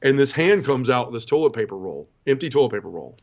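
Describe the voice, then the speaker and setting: A man's voice: mid-range voice, big pitch swings, fast, gravelly, darkish tone. Man, 40s, podcast guest: earnest personal testimony, talks straight to the host, mid-range voice, muffled lo-fi audio. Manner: earnest, conversational, addresses the host often. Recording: dull lo-fi sound.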